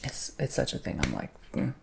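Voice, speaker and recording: A man hosting an ASMR channel, talking in a soft, rambling, emotional way that slips into whispers, often asking "you know what I'm saying?". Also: fairly quick, noisy background. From Macedonian-American family. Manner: drifts between soft talk and whispers. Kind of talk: soft-spoken ASMR chat.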